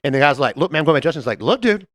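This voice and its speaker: A man co-hosting a podcast, telling a story in casual chat, animated and laughing often as he acts out the people in it. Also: mid-range voice, racing, no room sound, studio quality. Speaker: podcast co-host.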